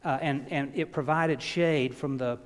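A man delivering a sermon, telling stories and swinging from loud emphasis down to hushed words. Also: medium pitch, steady tone, measured pace. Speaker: pastor. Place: church. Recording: long reverb of a church hall.

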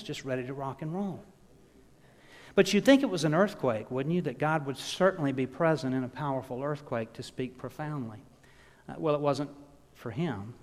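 A man's voice: a little high, normal speed. Man preaching in a reverberant church. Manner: storytelling, swings from loud emphasis to hushed. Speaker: pastor. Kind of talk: sermon. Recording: long reverb of a church hall.

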